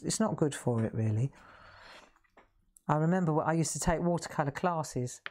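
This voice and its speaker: A woman's voice: low-pitched, mellow. A woman hosting a live craft demonstration, chatty, self-deprecating and reassuring as she paints. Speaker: craft host.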